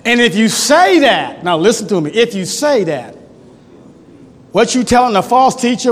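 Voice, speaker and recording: A male pastor preaching a sermon in a church, swinging between loud, emphatic shouting and low, quiet passages. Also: sing-song, moderate pace. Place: church sanctuary. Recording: long hall reverb.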